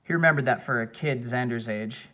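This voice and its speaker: A man's voice: mid-range voice, a little fast, bright, forceful tone. Man narrating an audiobook. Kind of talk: scripted narration.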